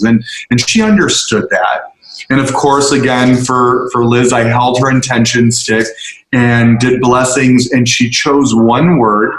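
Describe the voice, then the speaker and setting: Male storyteller, earnest, slows down for emphasis; mid voice, roomy echo. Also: mid-range voice, fairly bright tone. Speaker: speaker addressing a group. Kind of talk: storytelling talk to a group. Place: on location, roomy space.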